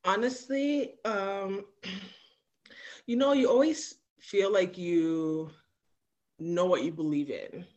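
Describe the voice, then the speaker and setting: A woman guest on a podcast, telling personal stories in a candid, animated way with frequent fillers. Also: medium pitch, takes it slowly, pauses often. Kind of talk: candid conversational storytelling.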